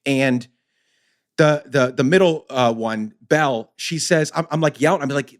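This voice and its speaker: A man's voice: medium pitch, measured pace. Passionate, emphatic podcast host, a man. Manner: passionate, emphatic, building to loud urgency. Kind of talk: casual conversation.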